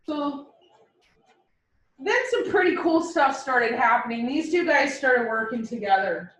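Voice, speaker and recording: A woman's voice: high voice, measured pace, a little hiss or hum. A woman teaching a biology class, explaining cells in a playful, joking way. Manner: lively, joking with students. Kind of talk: classroom lecture with playful dramatization. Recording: echoey classroom, mic far from speaker.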